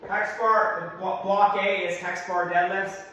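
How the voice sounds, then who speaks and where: A slightly hoarse man coaching through a workout, giving practical cues in a large gym. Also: high-pitched, little pitch movement, slow pace, pushed and bright, slight background noise. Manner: practical, coaching cues, talks to his son in asides. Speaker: strength coach. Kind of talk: instructional workout walkthrough. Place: large echoey gym, indoors. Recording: echoey gym from a distance.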